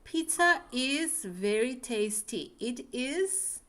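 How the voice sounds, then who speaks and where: A woman teaching a beginner English class, patient and clear, often checking with "right?". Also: high-pitched, expressive, fairly bright tone. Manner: patient, slow, checks understanding with frequent "right?".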